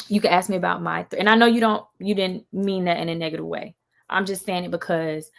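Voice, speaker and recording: A young woman, talking casually on a live stream to viewers, animated and mimicking others in raised voices. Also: fairly low pitch, gravelly.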